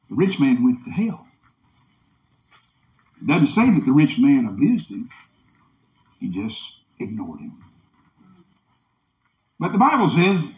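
In a church meeting room, a man with a voice on the high side and a little mellow preaches an impassioned revival sermon. His preaching cadence rises and falls, and the room is echoey.

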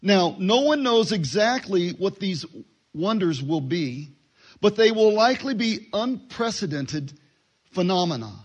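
A man giving a relaxed Bible teaching, talking conversationally and acting out short dialogues. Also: high-pitched, a little slow. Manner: conversational, acts out little dialogues, fillers.

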